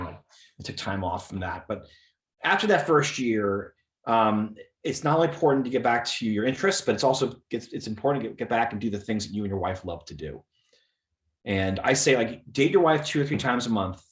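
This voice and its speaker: A man as a podcast guest, giving relaxed advice in casual conversation. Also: mid-range voice, moderate pace, echoey room.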